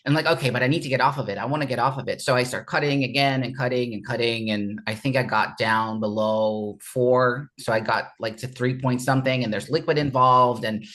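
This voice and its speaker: A man's voice: mid-range voice, steady tone, a bit bright. Earnest man telling a raw personal story. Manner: halting, restarts and repeats words, earnest and raw. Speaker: interview guest. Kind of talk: candid personal testimony.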